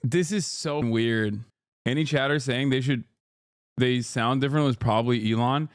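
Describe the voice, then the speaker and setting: A man reacting to clips on his stream in casual commentary, blunt and profane, talking excitedly to his chat. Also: mid-range voice, moderate pace, no echo, studio quality.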